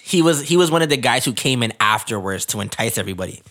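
A man's voice: medium pitch, expressive, quick pace, a bit bright. A man recaps a reality show for his co-host, his voice swooping up and down as he builds each scene. He laughs through his own lines and stretches out words in disbelief. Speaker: podcast co-host.

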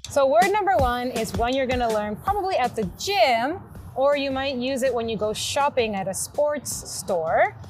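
A Canadian woman teaches English in a cheerful, clear style. Her voice is high. Faint music plays behind her. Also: animated, normal speed. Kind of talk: upbeat online lesson.

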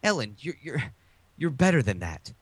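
A man's voice: mid-range voice, normal speed, dry recording. A middle-aged man in casual podcast chat, ranting with profanity and laughter. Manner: animated, profane, laughing rants. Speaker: podcast co-host.

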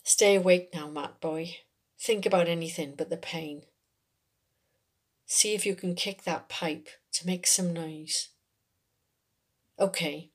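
A woman reading a first-person short story, telling it in an unhurried, conversational way in a working man's dialect. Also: fairly low pitch, fairly even intonation, breathy edge. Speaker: story reader.

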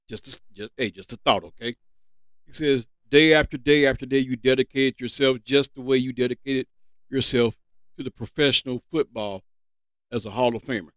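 A man's voice: mid-range voice, no room sound. Man hosting a dry sports podcast. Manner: reads news aloud with casual asides. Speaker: podcast host. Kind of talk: sports news commentary.

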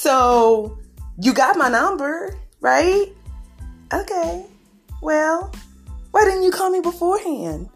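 A woman's voice: extremely high pitch, big pitch swings, slow pace, long pauses, soft background music. A woman, venting angrily in a podcast monologue, swearing and laughing. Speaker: podcast host.

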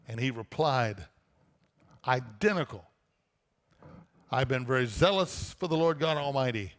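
A man's voice: medium pitch, measured pace, pauses often, a bit bright, big-room sound. A man preaching a sermon, reading a scripture passage aloud and then explaining it with rhetorical questions. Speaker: pastor.

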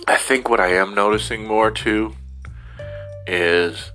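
A man's voice: on the low side, fairly even intonation, takes it slowly, bright, forceful tone, faint music behind. A middle-aged man from Ohio rambling in a casual, self-deprecating monologue, slipping into silly voices as he talks. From Ohio, USA. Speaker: vlogger.

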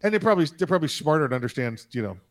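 Man rambling with deadpan jokes. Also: on the high side, rapid-fire. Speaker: podcast co-host. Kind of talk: casual chat.

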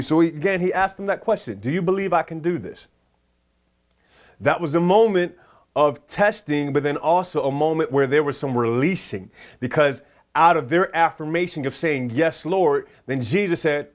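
A pastor delivering an excited sermon in a fairly high male voice. He reads scripture with lively emphasis and breaks into exuberant whoops and chuckles along the way. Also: brisk.

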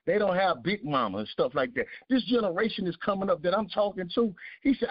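A man's voice: sits high, animated, fast talker, few pauses, husky, no room sound. A man, giving earnest testimony with a preaching cadence, repeating his key phrases. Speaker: guest. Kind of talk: emotional testimony. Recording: dull lo-fi sound.

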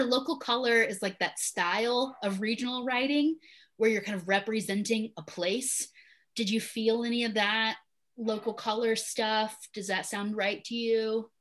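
A woman's voice: medium pitch, fairly bright tone. Chatty woman teaching a literature class. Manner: chatty, laughs often, asks students questions. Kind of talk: classroom discussion.

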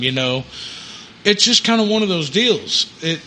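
A man's voice: high-pitched, expressive, moderate pace, bright, forceful tone, slight background noise. A man, laid-back, chatting casually as the podcast host. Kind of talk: casual chat.

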